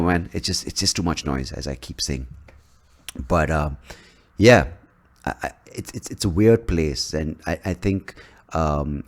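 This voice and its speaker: Male podcast host, lowish voice, casual solo monologue, rambling, swears a lot, animated pitch jumps. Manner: rambling and profane, with frequent restarts.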